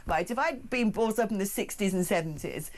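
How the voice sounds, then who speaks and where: Brash woman hosting a talk show. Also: mid-range voice. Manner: brash, animated, quick to riff and joke. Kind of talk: opinionated studio talk show chat. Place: broadcast studio.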